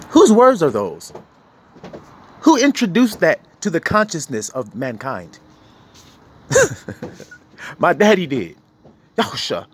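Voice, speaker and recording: Man, preachy sermon, lively pitch swings, laughs between points, faint background noise. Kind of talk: street sermon.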